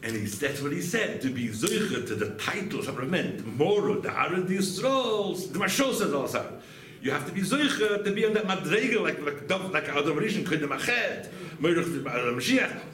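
A man teaching a Talmud lesson as a rabbi, animated and often asking rhetorical questions with a quick "right?". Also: fairly high pitch. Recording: echoey room with faint background noise.

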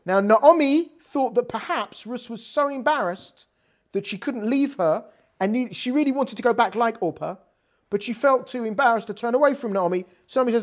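A woman's voice: on the high side, moderate pace. A woman giving a conversational scripture lesson, explaining verses and acting out the quoted lines with attitude. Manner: animated, acts out quoted lines with sass. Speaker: Bible teacher.

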